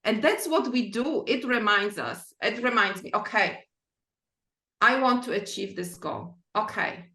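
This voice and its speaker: Bright-voiced woman telling stories, echoey room. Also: medium pitch, a little slow. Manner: earnest, non-native phrasing, tells anecdotes. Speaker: guest, author and practitioner. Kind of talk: casual conversation, storytelling.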